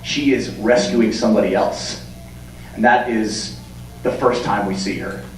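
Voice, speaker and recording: A man in his thirties giving a comic, animated talk on writing as a convention panelist, acting out scenes as he goes. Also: lowish voice, measured pace. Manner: animated, jokey, acts out scenes. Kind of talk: comedic lecture. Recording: echoey hall, distant mic, hum.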